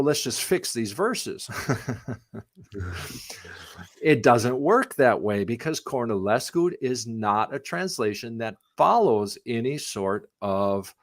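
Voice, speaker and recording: A middle-aged man, a missionary pastor whose first language is English, answering questions in a live conversation, rambling with many restarts and growing animated when he tells stories. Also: medium pitch, dry recording, studio quality. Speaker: missionary pastor and Bible translation theologian.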